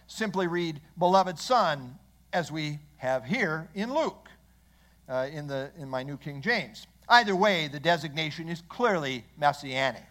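A man preaching an expository sermon, measured and earnest, leaning on key phrases for emphasis. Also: high voice, a bit bright. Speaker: pastor.

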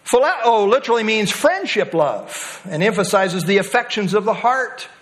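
A man's voice: sits high, big pitch swings, normal speed, a bit bright. A man preaching a sermon to his congregation, explaining scripture in an emphatic, expository way. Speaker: pastor.

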